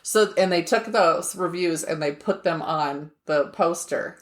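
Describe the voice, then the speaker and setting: A woman's voice: on the low side, measured pace. A middle-aged woman co-hosting a podcast in casual chat, talking loosely, trailing off mid-sentence and laughing often. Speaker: podcast co-host.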